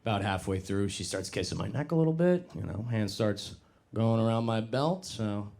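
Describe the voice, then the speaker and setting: A man's voice: lowish voice, expressive, moderate pace, gravelly, a little mellow. A young man doing a stand-up comedy set on a club stage into a handheld mic, casual and self-deprecating, working the crowd.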